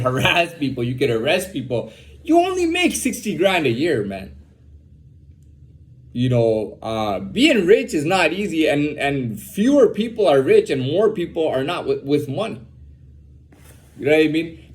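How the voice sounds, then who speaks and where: A young man talking in a casual, rambling monologue, repeating words and often saying "man.". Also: a little high. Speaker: host.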